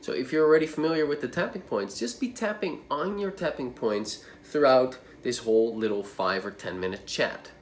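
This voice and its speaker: A man of ordinary pitch talks to the camera as a social anxiety coach. His speech is loose and conversational, full of fillers and small tangents. A faint hiss of background noise sits under the voice. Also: normal speed, few pauses. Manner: rambling, conversational, with fillers and asides. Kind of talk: casual to-camera talk.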